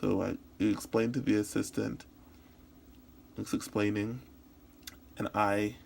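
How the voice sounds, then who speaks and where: Male interpreter voicing a signed first-person story for practice; gravelly fry, halting delivery with restarts. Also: on the low side, level tone, darkish tone, a little hiss or hum. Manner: halting, with frequent restarts and repetitions.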